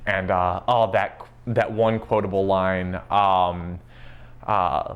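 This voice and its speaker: A man giving a casual interview as a show fan, swearing freely, laughing often and filling pauses with ums. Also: deep voice, level tone. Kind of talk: casual chat.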